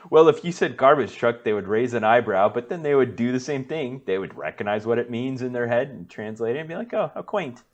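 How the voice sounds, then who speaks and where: A man co-hosting a podcast in casual chat, easygoing and quick to laugh. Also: medium pitch, animated, lo-fi sound. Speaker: podcast co-host.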